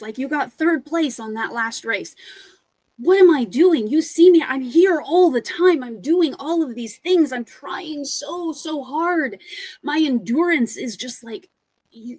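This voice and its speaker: A woman's voice: high voice, lively intonation, measured pace, darkish tone, pitched above the performer's own voice, poor audio. A woman voicing an earnest male pirate marathon runner who pleads and panics. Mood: pleading. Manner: anxious, pleading, rising to panic.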